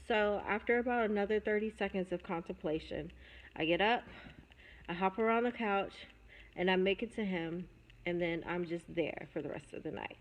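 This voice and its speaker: A young adult woman telling a personal story, candid and reflective, pausing and restarting as she goes. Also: mid-range voice, lo-fi sound. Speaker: vlogger.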